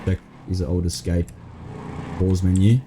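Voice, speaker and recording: A man's voice: sits low, flat delivery, normal speed, noisy background. An Australian man streaming, talking to chat out of character and thinking aloud about fixes.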